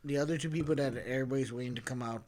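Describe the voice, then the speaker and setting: A man's voice: mid-range voice, rapid-fire, a little mellow. A young man co-hosting a casual podcast, laid-back and casually profane, saying dude a lot. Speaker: podcast co-host. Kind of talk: casual chat.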